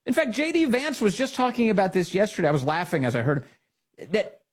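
Animated, sarcastic male commentary host. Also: high-pitched, fairly quick. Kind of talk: political commentary.

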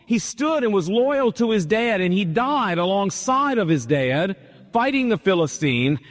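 A man's voice: high-pitched, sing-song, unhurried, in a large hall. A man preaching a sermon as pastor, with an emphatic, repetitive cadence.

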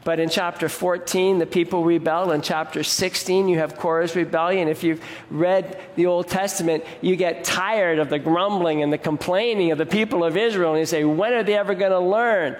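A man's voice: fairly high pitch, steady tone, moderate pace, hardly any pauses, long reverb tail. A man preaching a sermon in a conversational way, now and then raising his voice to mock grumbling people. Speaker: pastor.

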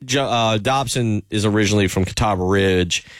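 A man's voice: lowish voice, moderate pace, no room sound, studio quality. A man hosting sports talk radio, rambling loosely with many fillers.

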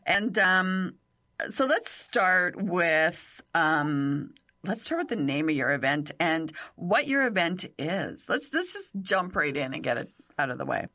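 A woman's voice: on the low side, very animated, a little slow, pushed and bright. A woman hosting a radio show from a studio, talking in a bold, teasing way and swearing casually.

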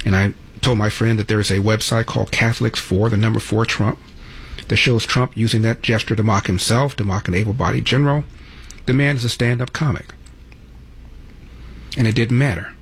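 A man's voice: fairly low pitch, husky. A man in his seventies hosting a radio call-in show, telling stories in a chatty, conversational way. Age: 70s. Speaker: radio talk show host.

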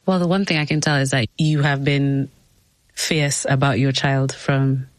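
A woman hosting an interview, speaking gently and supportively and reflecting back on her guest's story. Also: a bass voice, little pitch movement, measured pace, dry recording. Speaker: host. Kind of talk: interview conversation.

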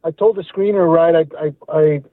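A man's voice: a little high, fairly even intonation, moderate pace, dry recording. A man in his fifties or older calling in to a radio show, speaking earnestly and reflectively, often repeating words. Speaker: radio caller. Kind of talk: call-in comment. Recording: tinny phone line.

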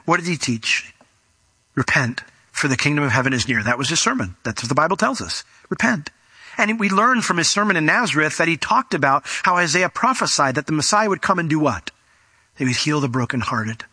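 A male pastor with a very bright, sharp voice, pitched a little high. He preaches in a loose, conversational way and acts out scenes. The sound is dry and close. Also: husky, no echo. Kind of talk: sermon with storytelling.

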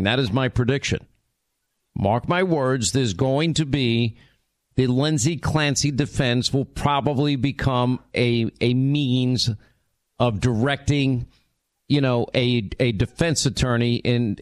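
A man's voice: mid-range voice, dry recording. A man hosting a political talk show, giving opinionated commentary with sarcastic asides and frequent restarts.

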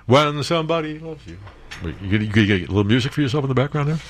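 Animated, joking radio host. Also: male voice, medium pitch, quick pace, a little hiss or hum. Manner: animated, joking, laughs easily. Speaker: radio talk show host. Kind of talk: casual talk radio. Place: radio studio. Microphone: studio mic.

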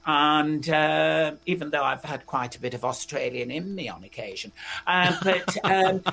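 An older former pop singer, in their sixties, recounts memories in a relaxed interview. The voice is slow and gravelly with a creaky edge. The stories wander, padded with fillers and restarts. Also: medium pitch, noisy background. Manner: rambling anecdotes with many fillers and restarts. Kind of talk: casual interview storytelling.

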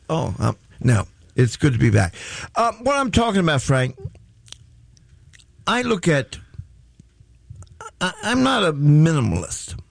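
Male radio host, high voice, raspy fry, rambling jokey banter, dry close mic. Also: big pitch swings, moderate pace, pauses often, no echo. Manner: rambling, joking, stammering restarts. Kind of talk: excitable talk radio banter.

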